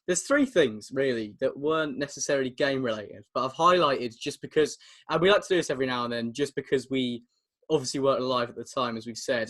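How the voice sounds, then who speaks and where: Chatting over a video call, this podcast co-host is a twenty-something man with an English accent, a medium pitch, and a fairly bright tone. The conversation is casual, and he laughs a lot while telling stories.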